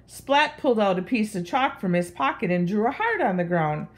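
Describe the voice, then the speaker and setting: A woman reading a children's picture book aloud in an expressive, sing-song voice. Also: fairly low pitch, a little slow.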